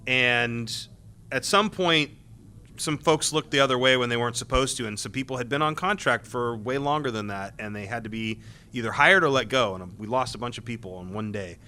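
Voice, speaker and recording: A man speaking on a convention panel, telling loose, rambling stories about his time as a game tester, with frequent restarts and quick laughs. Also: mid-range voice, bright, forceful tone.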